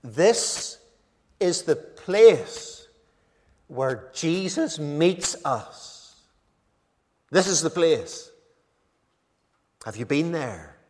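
A male preacher delivering a sermon, measured and emphatic, repeating key phrases for weight. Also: fairly high pitch, very animated, darkish tone. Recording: long reverb of a large hall.

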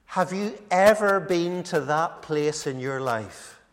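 A male preacher delivering a sermon, measured and emphatic, repeating key phrases for weight. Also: on the high side, lively intonation. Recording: long reverb of a large hall.

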